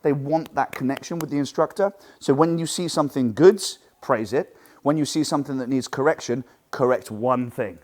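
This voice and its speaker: A man teaching a coaching seminar for martial arts instructors, lively and animated, acting out what he says to students. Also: medium pitch, normal speed. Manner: lively, animated, acts out quotes.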